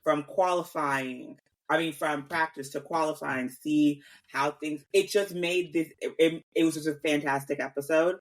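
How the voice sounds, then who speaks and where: A woman's voice: sits low, fairly even intonation, moderate pace. A woman co-hosting a podcast in casual chat, rambling with many fillers and restarts. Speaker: podcast co-host.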